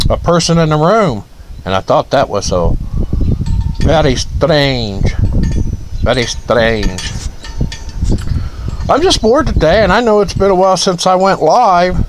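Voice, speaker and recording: A man from Ohio rambles through a casual phone livestream on his front porch, chuckling as he greets viewers by name. His pitch rides high and swings a lot, and he takes his time with every phrase. Faint outdoor country sounds drift in behind him. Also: slight background noise, rough recording. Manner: rambling, drawling, chuckles often. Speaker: livestream host.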